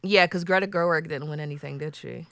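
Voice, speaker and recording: A young woman co-hosting a podcast, chatting casually with a playful, teasing streak and frequent laughs. Her voice is bright and crisp, slightly low-pitched, and recorded close and dry with no room sound. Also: fast talker, no echo. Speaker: podcast co-host. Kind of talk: casual chat.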